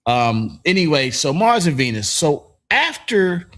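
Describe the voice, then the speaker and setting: Laughing, animated male show host. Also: on the high side, unhurried. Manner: loose, laughing, profane storytelling. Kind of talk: casual morning show banter.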